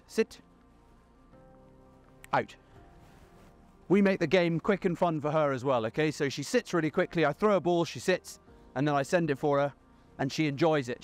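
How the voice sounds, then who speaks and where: A man, a dog trainer, giving an upbeat outdoor demonstration and explaining each step plainly. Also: on the high side. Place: outdoors on grass.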